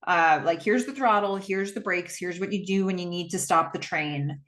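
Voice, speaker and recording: A woman voicing a loving father who calmly gives last instructions. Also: fairly low pitch, moderate pace, lightly acted. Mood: tender. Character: tired, loving father saying goodbye.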